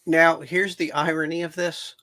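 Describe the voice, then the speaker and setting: A man co-hosting a discussion, calmly pointing out an irony in what was just read. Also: a little high, moderate pace. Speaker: podcast co-host. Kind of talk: casual discussion.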